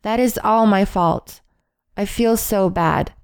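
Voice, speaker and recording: A woman reading a list of English phrases in a calm, measured way, with deliberate pauses between them. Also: mid-range voice, creaky, smooth, no echo, clean studio sound. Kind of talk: slow read-aloud phrase list.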